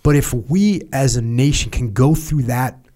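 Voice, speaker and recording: A man from the United States hosting a podcast, talking in an earnest, halting way with many restarts and fillers. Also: medium pitch, warm tone. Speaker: podcast host. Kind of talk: casual podcast chat.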